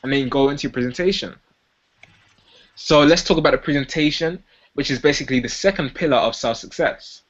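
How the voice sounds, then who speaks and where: A young man coaching sales technique on a dull, lo-fi recording, his voice pitched a little above most men's. He teaches directly to viewers and keeps stopping to act out sample sales lines, changing his tone to show how each one should sound. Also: fairly quick. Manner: demonstrates sales lines by acting them out in different tones. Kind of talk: instructional talk to camera.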